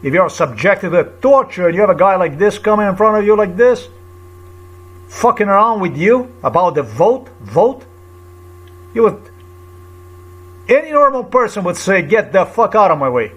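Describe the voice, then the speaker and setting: A vlogger recounts a run-in he had, rambling, halting and repeating phrases while he searches for the right words. His slightly high voice is expressive and carries an agitated, indignant edge.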